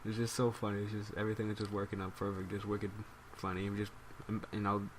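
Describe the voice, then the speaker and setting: A man's voice: on the low side, monotone, fast talker, very noisy. Rambling New guy telling a story. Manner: rambling, amused. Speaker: gaming YouTuber. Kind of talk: casual storytelling commentary.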